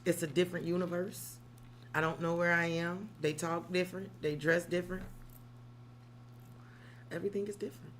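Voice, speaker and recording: A woman's voice: on the low side, steady tone, normal speed, long pauses, a little hiss or hum. Salty, chatty woman reading tarot. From South Side of Chicago. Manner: chatty, digressive, salty, swears freely. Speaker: tarot reader. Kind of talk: casual livestream tarot reading.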